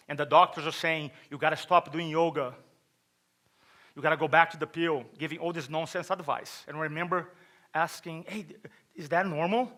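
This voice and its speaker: A middle-aged Brazilian man with a Brazilian Portuguese accent gives a motivational stage talk at a chiropractic event, sharing a personal story, acting out quotes, and asking the audience questions. His voice is a little high, pushed, and bright.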